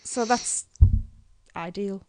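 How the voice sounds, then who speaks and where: A woman's voice: mid-range voice, takes it slowly, dry recording. A woman with a Northern English accent, co-hosting a podcast in a bubbly, cheeky, laughing way. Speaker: podcast co-host. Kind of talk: casual podcast chat.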